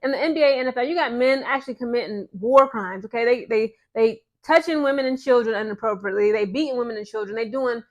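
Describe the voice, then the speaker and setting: A woman's voice: on the high side, quick pace, hardly any pauses. A woman ranting in casual sports commentary to her viewers, sarcastic and exasperated. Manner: mocks others in put-on voices.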